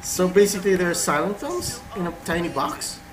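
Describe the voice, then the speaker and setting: A man's voice: high voice, sing-song, a little fast, poor audio. A man giving casual, playful commentary while playing a game, musing to himself and reading game text aloud. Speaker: let's play host. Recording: voice over game music.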